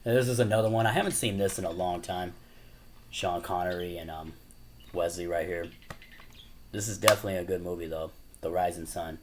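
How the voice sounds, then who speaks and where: A man talks in a relaxed, meandering way, filling his sentences with "you know" and "like". His voice sits on the lower side. He laughs often as he goes, and a faint background hiss stays under the talk. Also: fairly quick. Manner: rambling, full of "you know" and "like"; laughs often while talking. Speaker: YouTuber. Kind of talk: casual chat.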